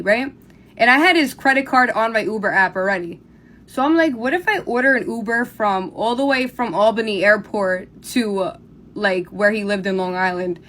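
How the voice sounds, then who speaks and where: A woman's voice: mid-range voice, bright, forceful tone. A young woman tells a story into her phone, talking casually with lots of "like" fillers. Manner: rapid, filler-heavy telling with many "like"s. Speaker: storytime vlogger.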